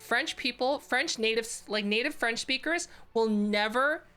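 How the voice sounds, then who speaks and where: A woman's voice: fairly high pitch, unhurried, sharp tone, soft background music. A woman VTuber streamer chatting casually and playfully with her chat, giggling and reading names aloud.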